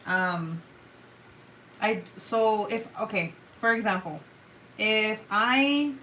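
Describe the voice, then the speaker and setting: A woman's voice: medium pitch, takes it slowly, bright, forceful tone, slight background noise, poor audio. A woman with a Mexican Spanish accent, a native Spanish speaker, hosting a casual livestream chat and reading out viewer comments in a chatty, profane way, with lots of "like" and "um". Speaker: livestream host.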